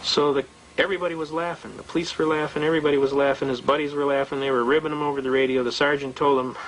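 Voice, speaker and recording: A man spins a courtroom tale in a quick, folksy manner, voicing each person in turn. His voice sits a little high, and a faint hiss of background noise runs under the recording. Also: steady tone, rough recording. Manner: fast, folksy storytelling with quoted dialogue. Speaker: speaker recounting a traffic court case. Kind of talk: storytelling talk.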